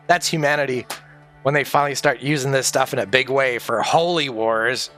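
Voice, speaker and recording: A man's voice: medium pitch, normal speed, bright, forceful tone, faint music behind. A man rambling through a casual livestream monologue, conspiratorial and heavy on swearing.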